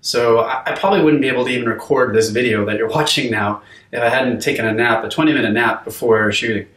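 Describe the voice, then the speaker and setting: A man's voice: medium pitch, fast talker, a bit bright, echoey room, far from the mic. A man teaching a video course on sleep, talking conversationally with frequent fillers and restarts. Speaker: course instructor. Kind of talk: unscripted video lesson.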